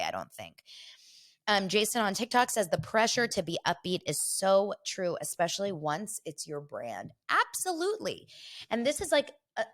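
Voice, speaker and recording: A woman in her forties hosting a daily pop culture show, chatting casually and acting out her own reactions, with a bit of a cold. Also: on the low side. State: has a cold. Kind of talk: casual livestream chat.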